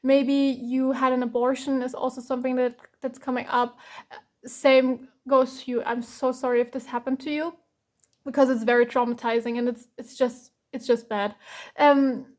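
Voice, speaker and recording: A woman's voice: high-pitched, little pitch movement, moderate pace, darkish tone. A woman from Germany, giving a chatty, rambling tarot reading full of fillers and restarts. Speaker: tarot reader.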